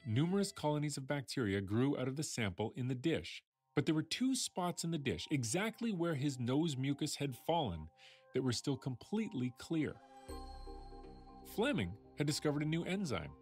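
A man hosting a science show, telling a story in a playful, chatty way that speaks straight to the listener. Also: medium pitch. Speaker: host.

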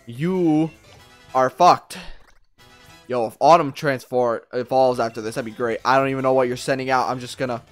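A man giving casual gameplay commentary, excitable and profane, talking back at the characters on screen. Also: mid-range voice, moderate pace, faint music behind. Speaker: let's play gamer.

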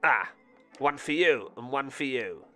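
A man talks through a retro game as he plays, his pitch leaping around as he yelps and curses at the enemies. He laughs at his own mistakes, with faint game music underneath. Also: unhurried. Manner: excitable, swearing, laughing at himself. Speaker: gaming channel host. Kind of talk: let's-play commentary.

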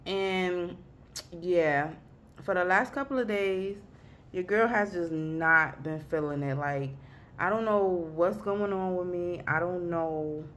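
A young woman vlogs from her desk at home, her voice sitting low and sounding close to tears. She talks in a confessional, rambling way, trailing off and restarting her thoughts. Faint background noise hums under the recording. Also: slow pace, fairly bright tone. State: weepy, emotional. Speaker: vlogger. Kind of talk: casual vlog chat.

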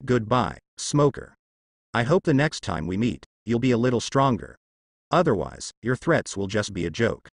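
A man's voice: medium pitch, sing-song, normal speed, no room sound, clean studio sound. A man reading the lines of a cocky young male pirate captain, mocking and carefree.

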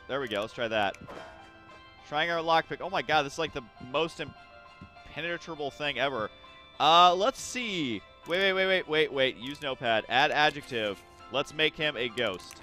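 A young man giving casual let's play commentary while gaming, excitable and quick to exasperated outbursts. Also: mid-range voice.

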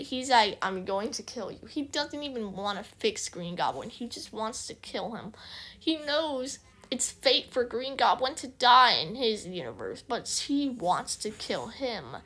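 A woman vlogger rambling excitedly through a casual movie recap, full of restarts. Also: a little high.

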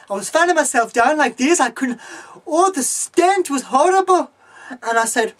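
A woman's voice: high voice, expressive, brisk. A woman telling a comic rant with hysterical outbursts. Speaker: comedy sketch performer.

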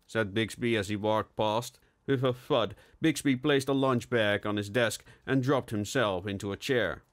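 A man's voice: mid-range voice, moderate pace, few pauses. Man narrating a steampunk audiobook. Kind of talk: scripted narration.

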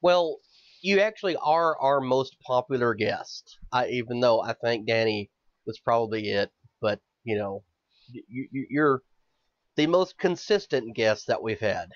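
A man's voice: medium pitch, a little slow, dry recording, muffled recording. A man hosting a podcast in casual chat, rambling and swearing, often stammering as he builds up steam. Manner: rambling, profane, stammers when worked up. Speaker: podcast host.

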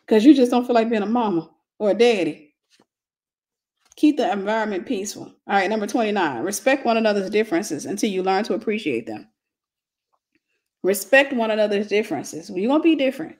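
A woman's voice: mid-range voice, expressive, brisk, darkish tone. A woman giving a casual, blunt and humorous talk on marriage as a Christian relationship teacher.

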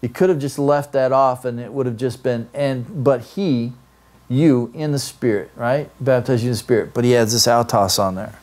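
Man, teacher, classroom lecture, explanatory, checks in with "right?", middle pitch. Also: steady tone, normal speed, a little mellow. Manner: explanatory, asks "right?" often. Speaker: Greek grammar teacher.

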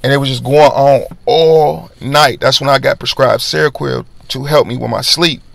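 A man's voice: medium pitch, steady tone, moderate pace, vocal fry, fairly bright tone, dry recording. A young man telling a casual storytime monologue in street slang, acting out other men's lines in a raised voice. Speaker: vlogger.

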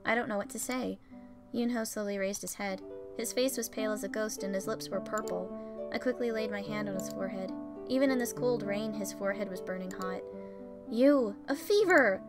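A woman's voice: mid-range voice, steady tone, brisk. A woman reading a visual novel game aloud, narrating plainly and breaking in with swearing and joking reactions. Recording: faint music behind.

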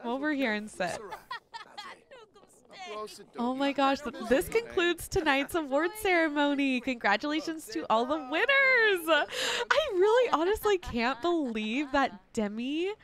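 A young woman giving excited, gushing gameplay commentary, laughing often. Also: high voice, measured pace. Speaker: let's play host.

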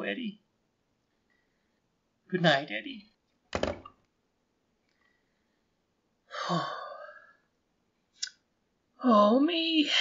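An actor playing a timid, meek office artist who stammers nervously and apologizes in a radio drama re-creation. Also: male voice, high voice, a bit bright, slightly rough, heavily acted. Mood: grumbling. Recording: dull lo-fi radio-style recording.

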